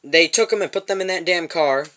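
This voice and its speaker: A man's voice: a little high, a little fast, fairly bright tone. A man telling an angry, profane story about a confrontation in a parking lot, repeating himself as he goes. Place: parked van.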